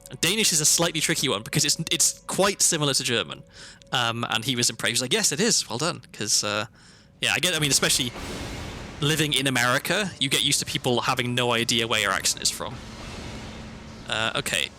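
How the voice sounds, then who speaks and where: A man's voice: medium pitch, animated, brisk, bright, forceful tone. A British man chatting casually while streaming a game, rambling and breaking off mid-sentence, with game music underneath. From Britain. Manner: chatty, rambling, self-interrupting. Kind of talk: casual gameplay commentary. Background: background music.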